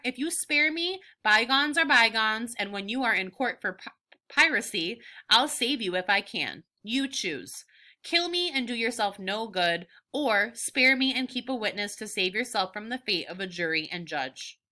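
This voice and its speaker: A woman's voice: fairly high pitch, animated, unhurried, bright, forceful tone. A woman teacher reading aloud as a bold young boy who stands up to pirates, speaking earnestly and defiantly. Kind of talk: read-aloud of a novel.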